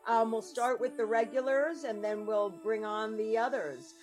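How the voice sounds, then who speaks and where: A woman's voice: on the high side, normal speed, darkish tone, faint music behind. Chatty woman podcast host. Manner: chatty, rambling, lots of ums. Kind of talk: casual chat.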